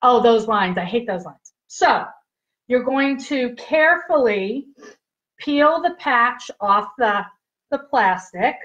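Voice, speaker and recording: In dull, lo-fi livestream audio, a woman demonstrates skincare patches in a casual product demo, giggling, chatting and checking in with her viewers over and over. She speaks slowly in an animated voice that is on the high side and a bit bright.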